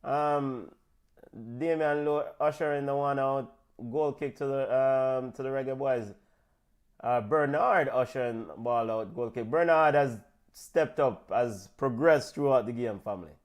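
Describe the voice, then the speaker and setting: A man with a Jamaican accent hosting a casual football watch-along, excitable and quick to shout out names and give big-ups. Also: mid-range voice. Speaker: football show host.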